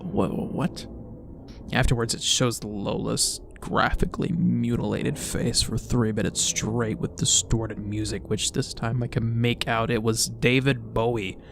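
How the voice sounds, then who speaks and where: A man's voice: medium pitch, level tone, a little slow, gravelly, few pauses, noisy background. A man reading a story aloud with comedic commentary, exasperated, stammering and swearing as he reacts. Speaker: creepypasta reviewer.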